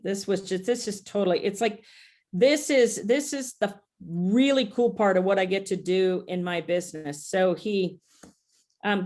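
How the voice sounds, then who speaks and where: A woman's voice: medium pitch, measured pace, a little mellow. A woman guest, an NLP practitioner, casually telling stories about her clients, with lots of ums and restarts. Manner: rambling, frequent ums and restarts.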